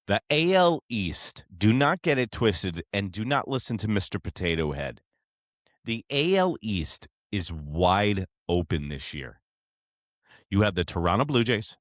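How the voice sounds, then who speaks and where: A man hosting a sports show, ranting in a brash, profane, excitable way. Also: low-pitched, no room sound, clean studio sound. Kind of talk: fired-up sports reaction rant.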